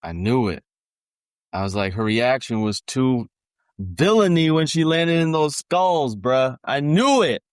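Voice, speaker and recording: A man's voice: medium pitch, animated, measured pace, clean tone, no room sound, studio quality. A man co-hosting a casual film podcast, swearing freely, using slang and trailing off into fillers. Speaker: podcast co-host.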